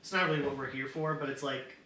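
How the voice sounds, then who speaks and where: A man's voice: mid-range voice, fairly even intonation, fast, pushed and bright. A man playing a tabletop game, chatting and joking casually with his friends. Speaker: player. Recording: roomy, distant mic with background noise.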